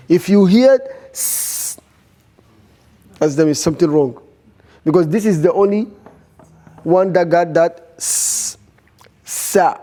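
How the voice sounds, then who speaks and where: High-voiced, slow-paced reading teacher. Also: male voice, warm tone. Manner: drills sounds by repeating them, asks the class questions. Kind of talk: live Quran reading class.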